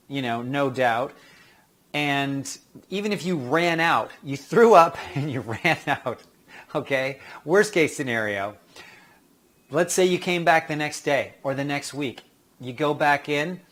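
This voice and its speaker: A man giving casual career advice to actors, chatty and acting out quick quoted exchanges. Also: a little high, a bit bright. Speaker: acting coach.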